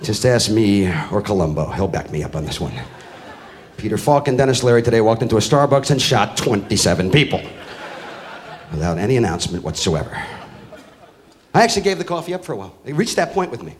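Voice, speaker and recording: A middle-aged man doing a profane stand-up comedy routine on stage, ranting loudly and acting out the people in his stories. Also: lowish voice, big pitch swings, a little fast. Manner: loud, ranting, profane, acts out characters. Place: comedy stage before a live audience. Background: crowd laughing.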